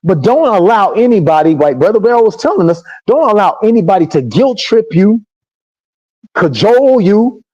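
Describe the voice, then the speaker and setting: A man's voice: high voice, very animated, normal speed, mellow. A man hosting a livestream, giving a preacherly motivational talk that answers imagined questions from listeners. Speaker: host. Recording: dull lo-fi stream audio.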